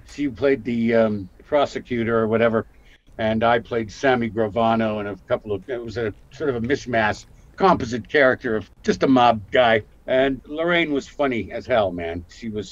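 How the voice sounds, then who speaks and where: An older man from Canada, an actor telling lively stories about his career in a casual interview. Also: mid-range voice, normal speed, muffled recording. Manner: animated storyteller, acts out quotes. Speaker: guest actor.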